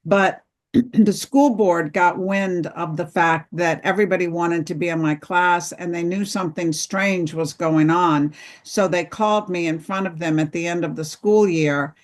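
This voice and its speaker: Slow, earnest woman telling her story. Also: lowish voice, fairly even intonation. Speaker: author and interview guest. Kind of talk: storytelling interview.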